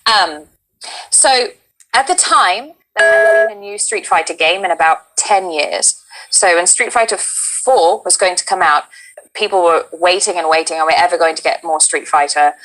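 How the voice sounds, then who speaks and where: A woman's voice: on the low side, moderate pace, low-quality recording. Woman telling a story in put-on British accent. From Texas. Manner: animated storyteller, acts out her own reactions. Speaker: voice actress guest. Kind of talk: casual anecdote in interview.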